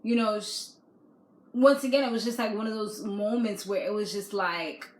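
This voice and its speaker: A woman giving a casual video recap of a reality show, chatty and animated, full of fillers. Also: mid-range voice, normal speed, echoey room, poor audio.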